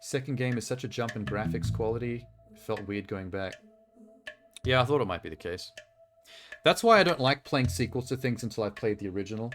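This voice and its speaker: A man's voice: medium pitch, expressive, fairly quick, fairly bright tone. Blunt, joking male streamer. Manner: blunt, profane, joking asides. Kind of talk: casual live-stream gameplay commentary. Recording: game music playing behind.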